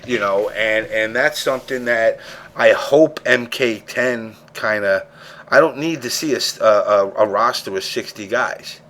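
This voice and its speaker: A man's voice: lowish voice, a little slow, fairly bright tone. A man hosting a casual gaming podcast, ranting emphatically and swearing freely. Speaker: show host.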